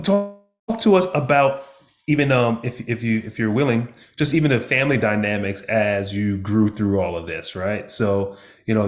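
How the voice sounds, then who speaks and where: A man hosting an interview podcast who asks long, meandering questions with repeated restarts. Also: lowish voice. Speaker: podcast host. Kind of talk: casual interview chat.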